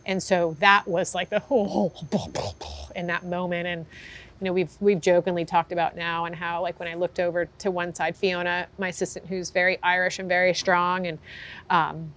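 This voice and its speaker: A woman horse trainer in an interview, telling her story candidly with animated, lively delivery and frequent fillers. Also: lowish voice, normal speed. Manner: animated, acts out quoted reactions, frequent fillers.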